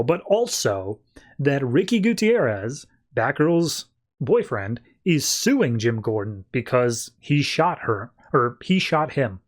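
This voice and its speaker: A man with an ordinary mid-range voice hosts a podcast and walks through comic issues. His delivery is loose and conversational, full of "like" fillers and quick asides. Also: mid-range voice. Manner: loose, chatty, many "like" fillers. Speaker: podcast host. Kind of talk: casual comic book recap.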